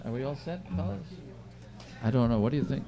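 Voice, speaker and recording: A man's voice: mid-range voice, expressive, a little fast, gravelly, mellow. A man doing rambling stage patter as a lounge entertainer, telling corny jokes between songs at a live show.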